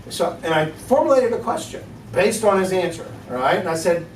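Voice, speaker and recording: A man teaching apologetics in a relaxed class, telling an anecdote with laughs and acted-out dialogue. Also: fairly high pitch, brisk, slight background noise. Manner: chatty, laughing storyteller, acts out dialogue. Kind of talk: casual classroom talk with anecdotes. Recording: echoey room, mic at a distance.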